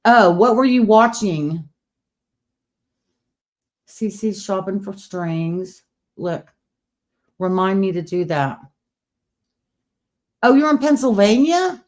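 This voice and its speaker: Her mid-range voice is slightly mellow, with lively intonation, a slow pace and long pauses. She's hosting a relaxed late-night livestream, chatting, whispering at times and reading viewers' comments aloud, her speech a little affected by new partial teeth.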